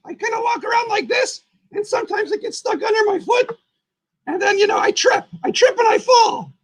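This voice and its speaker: A man voicing a small booger creature with a shrill, high, shouting voice. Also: fairly quick. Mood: excited. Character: squeaky booger creature, hyper and gleeful.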